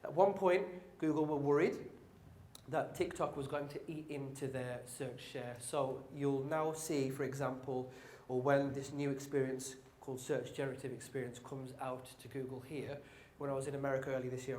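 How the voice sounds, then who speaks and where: A man's voice: medium pitch, fairly even intonation, normal speed, darkish tone, a little hiss or hum. Joking Brummie man on a conference stage. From England. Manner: upbeat, joking, addresses audience directly. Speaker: conference speaker. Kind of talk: live marketing talk. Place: conference hall with audience. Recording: roomy hall sound.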